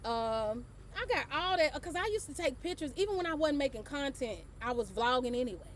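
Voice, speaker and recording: A woman's voice: high-pitched, expressive, brisk, a little hiss or hum. A middle-aged woman hosting her own show, telling a casual story, laughing often and swearing offhandedly. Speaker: host.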